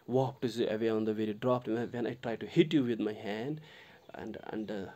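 A man with a Kashmiri English accent explaining a poem line by line to students, halting often and repeating himself. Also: lowish voice, mellow. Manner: halting, many fillers and restarts, addresses the listener directly. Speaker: literature teacher.

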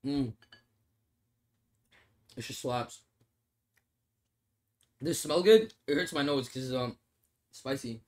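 A young Australian man with a mid-range, slightly mellow voice streams a mobile game, speaking slowly with frequent pauses. He's laid-back and jokey, swearing and laughing often as he answers comments in casual chat, all while eating noodles.

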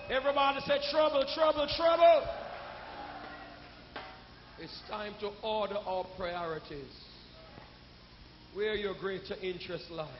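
A man preaching a sermon as pastor, calling out to the congregation and building to shouts. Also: high voice, noisy background. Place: church sanctuary. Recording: echoey church hall, dull sound.

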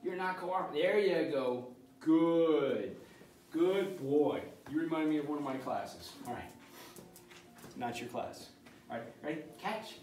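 A high-pitched male science teacher, chatty and loose, his voice a little distant from the camera. He talks with plenty of fillers in an empty classroom that rings with echo. Faint noise sits under it. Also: lively intonation, measured pace, long pauses, a little mellow. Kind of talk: casual classroom video lesson. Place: empty classroom and school hallway. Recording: echoey room, voice from far off, faint noise.

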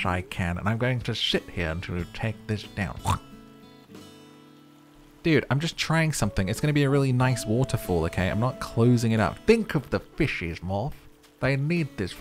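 A man's voice: fairly low pitch, very animated, moderate pace, soft background music. A man hosting a cozy life-sim gaming video, chatting playfully over gameplay and reading characters' lines aloud in a jokey way.

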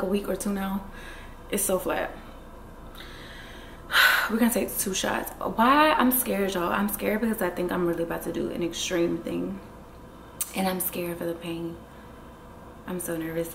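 A woman's voice: mid-range voice, steady tone, normal speed, gravelly, long pauses, a bit bright. A woman talking casually to her viewers in a vlog, chatty and nervous. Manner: chatty, talks to viewers as y'all. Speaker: vlogger. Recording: echoey room with faint noise.

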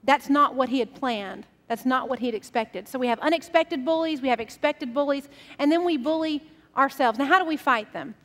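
A woman's voice: sits high, fairly quick, fairly bright tone, long reverb tail. A woman pastor delivering a sermon in a casual, storytelling way. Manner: conversational, storytelling.

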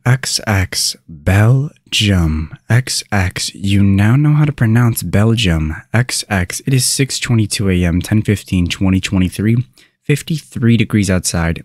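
A man hosting a pronunciation video with a mock-grand, playful deadpan delivery. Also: low voice, no room sound, studio quality. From United States. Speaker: channel host. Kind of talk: tongue-in-cheek pronunciation video.

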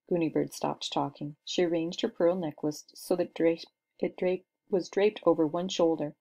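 A woman reading a children's book aloud with expressive storytelling. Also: sits low, normal speed, creaky. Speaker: narrator.

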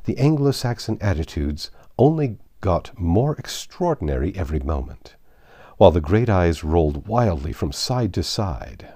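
A man narrating an audiobook reading of a classic tale in a lively, expressive storytelling manner. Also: low voice, moderate pace.

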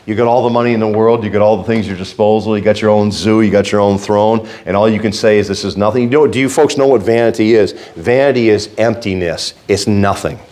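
Man, pastor, fervent folksy sermon, fairly low voice, quiet asides to loud exhortation. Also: fast talker, few pauses.

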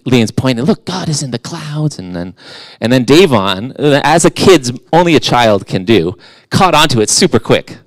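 A man's voice: lowish voice, dry recording. A middle-aged man preaching a conversational sermon as a guest in church, casual and self-deprecating, with playful asides.

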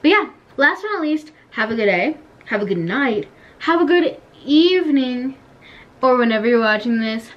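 A teenage girl chatting casually while playing an online game, giggly and quick to complain, then wrapping up her vlog. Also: sits high, lively intonation, fairly bright tone, lo-fi sound. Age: teens. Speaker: YouTuber. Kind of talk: casual gaming vlog chat.

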